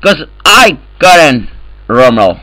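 A man trolling other players in game voice chat, loud and profane, speaking in broken English. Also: a little high, very animated, slow pace, poor audio. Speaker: gamer in voice chat.

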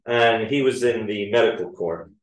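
A man's voice: lowish voice, moderate pace. A man preaching a sermon as pastor, reading scripture with rising emphasis. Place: church. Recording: echoey church hall, mic at a distance.

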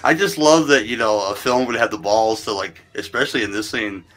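A man's voice: fairly low pitch, brisk, fairly bright tone, low-quality recording. A man guesting on a movie review podcast, talking casually with stammered restarts and emphatic asides.

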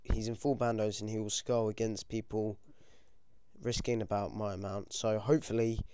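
Excitable British teen gamer, smooth dry voice. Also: male voice, lowish voice, moderate pace, no echo. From United Kingdom. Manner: excitable, swears a lot, yelps when things go wrong. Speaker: gaming commentator. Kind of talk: casual game commentary.

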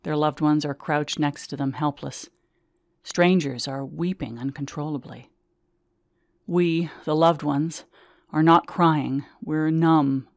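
A woman's voice: sits low, steady tone, no echo. Woman reading her memoir, dry close sound. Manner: measured, vivid first-person storytelling.

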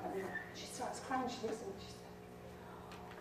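A woman preaching a fervent sermon to a women's gathering, rising to shouts and dropping low. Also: very animated, a little fast. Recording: echoey hall from far off, faint noise.

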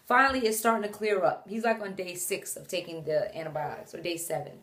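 A young woman chatting to the camera at home while holding her baby, animated and chatty, breaking off to talk to him. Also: on the low side, quick pace. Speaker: mom vlogger. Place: at home indoors.

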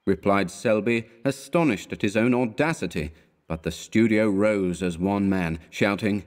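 A man with a fairly low voice narrates a classic short story for an audiobook. His delivery is measured and deliberate, keeping a steady storytelling pace throughout.

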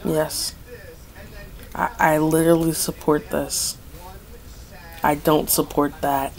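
A woman's voice: deep voice, little pitch movement, takes it slowly. A young woman giving casual gameplay commentary, dramatic and pleading, complaining that luck is against her. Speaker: gaming video creator.

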